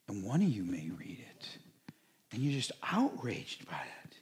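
An animated middle-aged pastor preaching a sermon, his voice a bit high for a man and swinging widely in pitch. He acts out people's reactions in sudden bursts, then drops back to a quieter, earnest tone. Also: normal speed.

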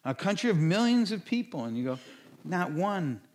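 A middle-aged pastor preaches a sermon with animation and speed, his voice a bit high for a man and swinging widely in pitch. He acts out people's reactions in sudden bursts before dropping back into a quieter, earnest tone.

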